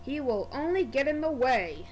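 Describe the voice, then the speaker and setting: A woman's voice: high-pitched, sing-song, normal speed, a little mellow, slight background noise, poor audio. A woman voicing a proud, pompous male express engine who sniffs with scorn. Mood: scornful.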